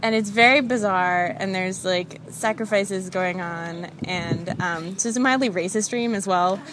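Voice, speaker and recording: A young woman spins a comic personal tale in a loose, self-deprecating manner, sprinkling "like" through her sentences. Her voice sits at an ordinary middle pitch. A steady hum of ambient noise runs beneath the recording. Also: unhurried. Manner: chatty, self-deprecating, lots of "like" fillers. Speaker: storyteller. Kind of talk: casual comic storytelling.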